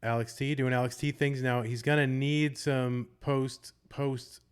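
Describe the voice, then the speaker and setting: A man calls a live game tournament in a loose, chatty way. He rambles and jokes in a middle-pitched voice. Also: flat delivery, measured pace, smooth. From Boston. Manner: chatty, rambling, joking asides. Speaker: tournament commentator. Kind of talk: casual live game commentary.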